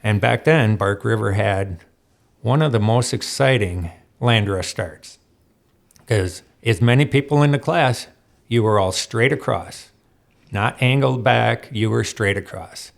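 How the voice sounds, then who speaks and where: Laughing, animated male storyteller. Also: lowish voice, measured pace, gravelly. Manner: animated, laughs often, acts out quotes. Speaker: guest, off-road racer. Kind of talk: storytelling interview chat. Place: studio.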